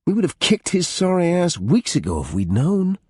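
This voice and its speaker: A man's voice: high voice, huge pitch swings, normal speed, a little mellow, slightly rough, dry recording, studio quality, voice pushed up, heavily acted. A man voicing a blunt, fiercely protective young woman friend in an audiobook, talking firmly. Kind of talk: audiobook character voice.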